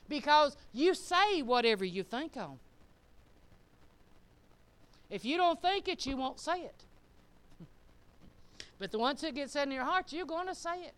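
Her voice sits high with a fairly bright tone as she, a church speaker, gives an informal sermon to her congregation. Folksy in manner, she talks directly to the listeners and keeps asking them questions.

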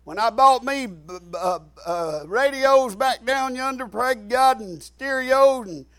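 A middle-aged man, preaching a folksy sermon full of repetition and sudden shouted emphasis. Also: extremely high pitch, a little slow, no room sound.

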